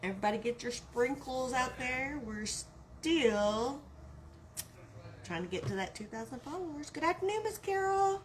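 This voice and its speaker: Woman, Texan accent, craft live-stream host, chatty, greets viewers by name, fairly high voice. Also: animated, normal speed, slight background noise. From Texas.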